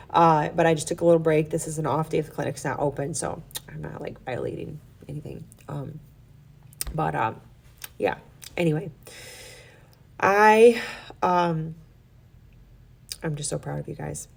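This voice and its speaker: A woman's voice: sits low, normal speed, creaky, pauses often, breathy edge. A woman fitness coach giving an earnest, encouraging and emotional pep talk in a casual vlog. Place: her workplace on an off day.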